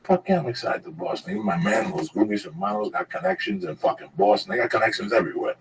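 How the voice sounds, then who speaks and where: Low gravelly guy rambling through a swear-heavy story, mic kinda far off. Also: big pitch swings, fast talker. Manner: profane, rambling, laughs at his own story. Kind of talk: casual storytelling.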